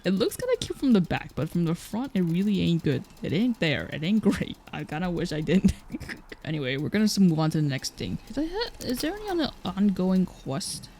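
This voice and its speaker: Playing a painting game, a let's play streamer rambles casually in a low-energy mumble, packing the commentary with "like." The delivery is sing-song and a little fast, with a darkish tone and a faint hiss or hum in the audio.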